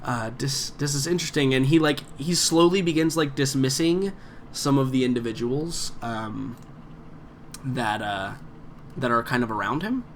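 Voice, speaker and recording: A man's voice: mid-range voice, unhurried, a little hiss or hum. A man narrating as game master in a tabletop game, rambling with many fillers and restarts.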